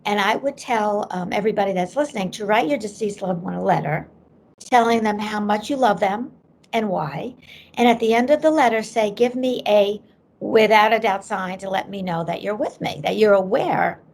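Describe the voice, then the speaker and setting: Gravelly-voiced woman telling a story. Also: mid-range voice, normal speed. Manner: animated storyteller who acts out quoted voices. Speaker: psychic medium guest. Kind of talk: storytelling in a podcast interview.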